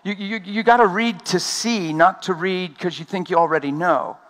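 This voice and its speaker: A man preaching an energetic sermon at a conference, talking fast and laughing along the way. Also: high voice.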